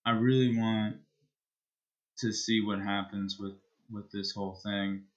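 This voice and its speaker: A man's voice: on the low side, level tone, measured pace, highs cut off. A man streamer chatting casually as he wraps up a live game stream, rambling and hesitant with many restarts.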